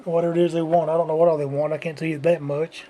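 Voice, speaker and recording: A man's voice: fairly high pitch, flat delivery, racing, warm tone. A man delivering an unscripted, repetitive lecturing rant to his viewers. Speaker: vlogger. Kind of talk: unscripted ranting monologue.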